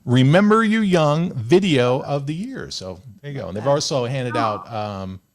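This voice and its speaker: A man's voice: medium pitch, moderate pace. A young man hosting a radio show, chatting casually and telling jokey stories. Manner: animated, joking storyteller. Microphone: studio microphone.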